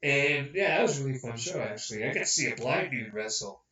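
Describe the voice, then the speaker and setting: A man's voice: mid-range voice, fast. A young man hosting a podcast, telling a rambling story in casual chat and acting out the people in it. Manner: rambling, animated, acts out quotes. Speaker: podcast host. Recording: roomy, distant, dull sound.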